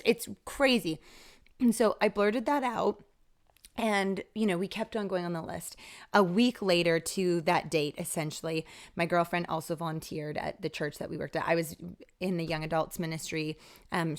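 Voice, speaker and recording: A woman with a somewhat low voice speaks as a podcast guest. She tells a personal story casually and with energy. She acts out what people said along the way. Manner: lively, acts out quoted dialogue.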